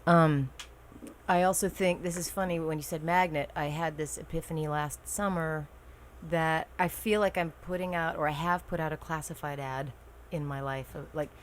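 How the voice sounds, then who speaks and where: A woman talking as a podcast guest, hesitant and soft-spoken, sharing personal struggles. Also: deep voice, steady tone, moderate pace, a little hiss or hum. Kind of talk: casual conversation.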